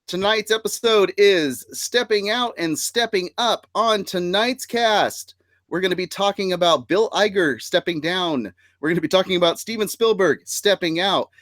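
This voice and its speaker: A man's voice: high-pitched, moderate pace, fairly bright tone, no room sound. A man hosting a casual live-streamed nerd podcast, upbeat and chatty, laughing often and using fillers. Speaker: podcast host.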